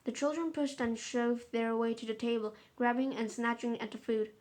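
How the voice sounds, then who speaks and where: A woman's voice: fairly high pitch, steady tone, normal speed, few pauses, a little mellow. A woman reading a children's story aloud carefully, with small stumbles and restarts.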